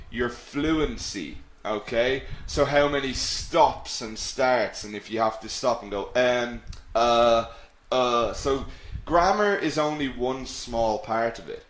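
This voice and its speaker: Male English tutor, patient and unhurried, echoey room audio; webinar teacher read. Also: mid-range voice. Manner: patient, explanatory, reads out learner questions. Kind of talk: live webinar lesson.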